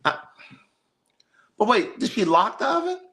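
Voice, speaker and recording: A man hosting a podcast, chatting casually with blunt, animated talk and free swearing. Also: very high voice, unhurried. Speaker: podcast host. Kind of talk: casual chat.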